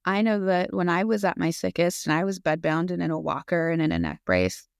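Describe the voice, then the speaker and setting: A woman in her thirties speaks as a podcast guest in an open, earnest, unscripted way, dropping in "um"s as she goes. Her voice is smooth and resonant, with a gravelly edge. The recording is close and dry. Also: on the low side, lively intonation, fairly quick, no echo. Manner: earnest and open, with fillers and laughs. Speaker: guest, physician assistant. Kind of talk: casual interview conversation.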